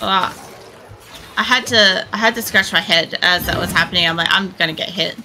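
A woman streamer giving casual, chatty gameplay commentary, swearing freely as she thinks out loud. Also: fairly low pitch, a little fast, background noise. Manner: chatty and profane, thinking aloud. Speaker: game streamer.

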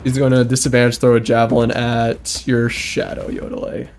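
A man acting as game master, calling turns and rolls with brisk rules calls and frequent laughs. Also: mid-range voice, completely flat delivery, a little mellow, soft background music. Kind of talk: running a tabletop game.

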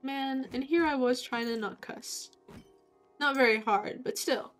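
A young woman streaming a game, talking casually and swearing freely, with loud outbursts at enemies. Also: high voice, a little slow. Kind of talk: casual gameplay commentary. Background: faint game music.

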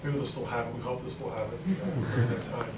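A man's voice: mid-range voice, fairly even intonation, fast talker, very noisy. A middle-aged man with a Queens, New York accent giving a rambling, informal speech to an audience, with many fillers and restarts. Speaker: congressman speaking at a forum. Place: large event hall with an audience. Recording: echoey hall recorded from far off.

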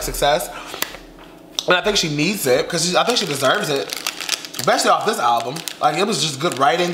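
A man's voice: on the high side, echoey room, background noise. A young man vlogging a mukbang, sassy and chatty, talking while stuffed full after eating. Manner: sassy, chatty, drawn-out slangy talk. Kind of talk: casual mukbang vlog chat.

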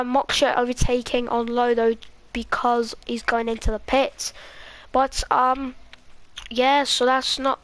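High, level-toned Scottish woman commentating. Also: a bit bright. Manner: halting, rambling delivery with many fillers. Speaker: sim racing commentator. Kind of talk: live race commentary.

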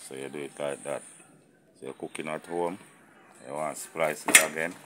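Very deep-voiced Jamaican man cooking outdoors. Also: normal speed, heavy background noise. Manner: relaxed patois-flavoured talk to viewers. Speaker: cooking channel host. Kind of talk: casual cooking vlog. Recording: sizzling pots and clatter behind. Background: frying sizzle and pot clatter.

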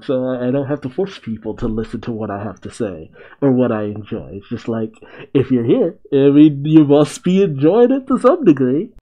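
A man's voice: medium pitch, lo-fi sound. A man casually reacting to an anime episode, rambling and laughing often between thoughts.

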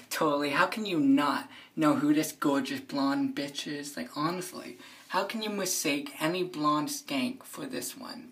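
Brash, foul-mouthed teenage girl vlogger. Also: sits low. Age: teens. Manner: profane, brash, boastful; jittery and excitable, shifting into a hushed whisper. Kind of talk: casual vlog rant.

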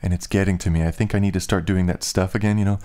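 A man's voice: sits low, steady tone, quick pace, mellow. A young man rambling casually in a vlog, with slightly slurred speech and lots of filler "like"s. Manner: loose, filler-heavy talk with "like". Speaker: musician and vlogger.

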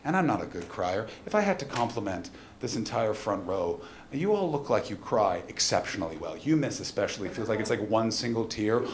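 A man performing a stand-up comedy set live, moving between quiet somber storytelling and loud punchlines. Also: fairly low pitch, sing-song, a little fast. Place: live comedy venue at a festival. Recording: roomy live venue with audience noise.

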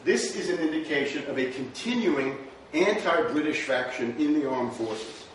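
Recorded with a distant mic in a very echoey lecture room with faint noise, a man teaches history at normal speed. His voice is fairly high and expressive, and he keeps the talk rhetorical and conversational, tossing in "right?" often.

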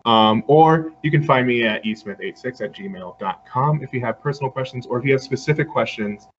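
A guest lecturer from Puerto Rico gives an earnest, conversational online talk and takes questions, using frequent fillers. His mid-range voice is expressive and a little fast. The video-call audio is slightly dull, with faint background noise.

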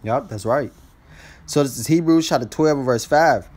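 A man's voice: medium pitch, moderate pace, a little mellow. A man teaching scripture in a casual, blunt street style, ending almost every phrase with "man". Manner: blunt and profane when exhorting.

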